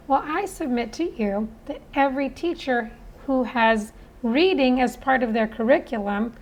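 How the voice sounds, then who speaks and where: Slow, earnest woman phonics teacher. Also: fairly high pitch, low-quality recording. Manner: earnest, persuasive. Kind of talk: spoken lesson.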